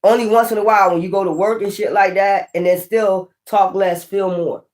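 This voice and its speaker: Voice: mid-range voice, fairly even intonation, fairly quick, a little mellow. A tarot reader doing a casual spiritual reading, talking straight to viewers in a blunt, emphatic, profane and preachy way. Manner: preachy, addresses viewers directly.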